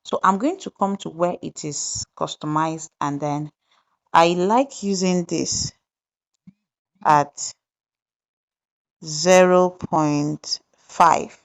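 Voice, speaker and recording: Low, slow-talking woman tutor. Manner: deliberate step-by-step explaining, pausing with fillers. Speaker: tutorial host. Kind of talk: screen-recorded software tutorial narration.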